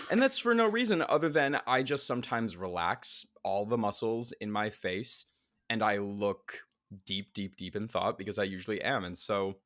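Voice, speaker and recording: A man's voice: fairly low pitch, a bit bright, dry recording, clean studio sound. A man co-hosting a casual podcast, rambling and playful, laughing often. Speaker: podcast co-host. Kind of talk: casual chat.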